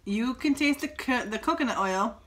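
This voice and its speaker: A woman co-hosting a casual food-tasting chat, blunt and animated as she complains about what she eats. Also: a little high, moderate pace. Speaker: co-host of a vegan food review channel.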